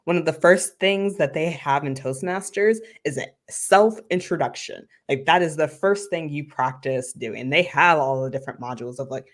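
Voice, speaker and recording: A woman marketing consultant talking as a podcast guest, animated and emphatic, saying "like" often. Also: sits low, moderate pace, hardly any pauses. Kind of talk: conversational interview.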